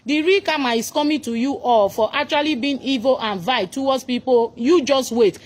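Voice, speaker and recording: In this angry reaction rant, a Nigerian commentator speaks at a moderate pace in a high register. She mocks and scolds a celebrity in her Nigerian accent, mixing in pidgin along the way.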